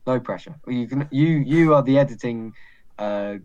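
A young man hosting a casual podcast, teasing his co-host and joking, quick to laugh. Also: mid-range voice, darkish tone, dull audio. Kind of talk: casual chat.

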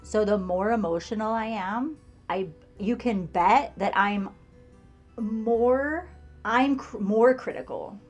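A woman co-hosting a podcast in casual chat, candid and quick to laugh. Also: mid-range voice, faint music behind. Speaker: podcast co-host, parent.

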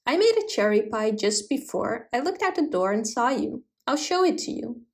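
A fretful, fussy male hedgehog from a storybook, pining for cherry pie in a slightly high, plaintive voice, as a woman reads him. He sounds gentle and a little sorry for himself. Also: sing-song, normal speed.

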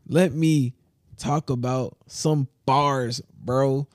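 Slangy, animated male podcast storyteller. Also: mid-range voice, slow pace, no room sound, studio quality. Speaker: podcast co-host. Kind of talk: casual chat. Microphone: close to the mic.

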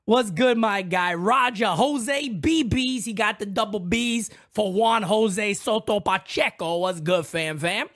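A young man hosting a loud, excitable live reaction stream, shouting out names from the chat. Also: sits high, measured pace, hardly any pauses.

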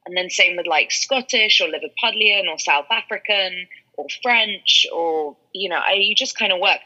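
A woman's voice: fairly low pitch, normal speed, few pauses. A woman with a British accent from London, a guest actress telling stories in a casual interview, laughing often. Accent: British English, London. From England. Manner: laughs often, animated storytelling. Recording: dull lo-fi sound.

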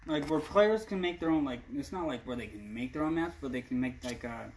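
An easygoing man in a casual podcast chat, answering with short agreeing replies before moving on to a new topic. His voice has a middle pitch. A faint hiss sits under the recording. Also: animated, fairly quick, rough recording.

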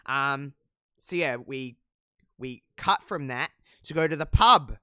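A man's voice: medium pitch, takes it slowly, sharp tone, clear, resonant tone, no echo, studio quality. A man casually recapping a wrestling show as a podcast co-host, chatty and profane, with lots of fillers. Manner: chatty, profane, many fillers, laughs at own jokes. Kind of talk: casual chat.

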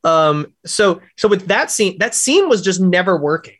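Quick excitable guy, swears a lot, podcast guest chatting about his film. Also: high voice, husky. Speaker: filmmaker guest. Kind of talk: casual podcast chat.

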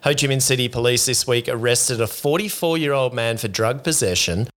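Deadpan man reading out news. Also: mid-range voice, fairly quick. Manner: dry, deadpan joking. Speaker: podcast co-host. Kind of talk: casual news chat. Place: living in Vietnam.

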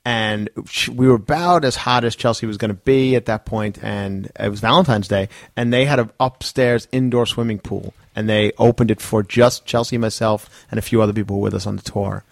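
A man's voice: on the low side, fairly even intonation, brisk, vocal fry, few pauses, no room sound. A man, a comedian guest, telling stories in a casual podcast chat.

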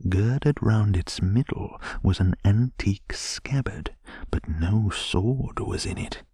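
A man reading a classic story aloud in whispered bedtime narration, soft and slow, as the regular host of a sleep podcast. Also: deep voice, breathy edge, no echo, clean studio sound.

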